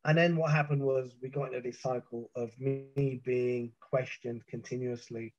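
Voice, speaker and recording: A middle-aged man from the United Kingdom, a podcast guest, tells an intense first-person story of a personal ordeal, full of vivid detail, restarts and swearing. His mid-range voice is darkish, with fairly even intonation at normal speed, and the audio is muffled and dull.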